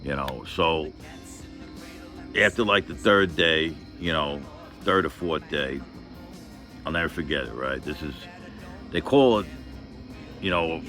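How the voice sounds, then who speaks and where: A man's voice: rumbling low, unhurried, long pauses, bright, forceful tone, soft background music. A man vlogger telling a personal story in a rambling, profane, earnest way, full of filler phrases. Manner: earnest, emphatic.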